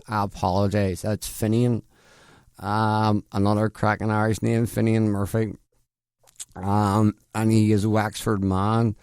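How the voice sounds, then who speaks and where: A male radio host talks in a slow, unhurried way from a studio. His voice is low with a gravelly fry, and the sound is dry and close. He rambles, mocks himself and trips over the names he reads. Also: a little mellow, dry recording. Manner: rambling, self-deprecating, stumbles over names. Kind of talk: casual radio chat.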